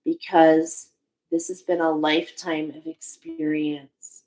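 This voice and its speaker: A woman's voice: low voice, level tone, slow pace, a little mellow, poor audio. A woman giving a spiritual oracle card reading, speaking in a searching, emotional way with many restarts.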